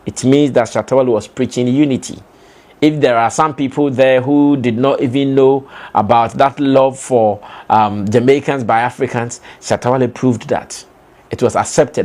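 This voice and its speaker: A man's voice: mid-range voice, darkish tone. A young Ghanaian man with a Ghanaian accent giving emphatic entertainment commentary, full of rhetorical questions and fillers. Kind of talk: animated opinion commentary.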